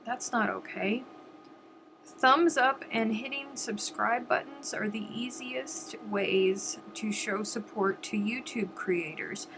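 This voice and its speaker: A woman's voice: a little high, slow pace, creaky, noisy background. Sniffly woman hosting a casual live stream. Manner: chatty and rambling, addressing viewers directly. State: sniffly, stuffed-up nose. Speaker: crochet live-stream host.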